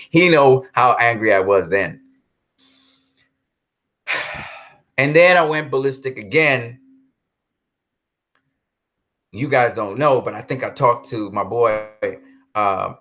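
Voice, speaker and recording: Bright-ish and medium in pitch, a man's voice carries a casual but heated live stream. He repeats himself, speaks directly to his viewers, and reads out and responds to their chat comments.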